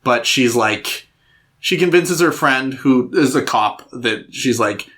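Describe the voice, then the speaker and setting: A man co-hosting a podcast, casually recapping a movie plot with lots of fillers and quick acted-out quotes. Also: mid-range voice, lively intonation, fairly bright tone. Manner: rambling retelling with filler words and acted-out quotes. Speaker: podcast co-host.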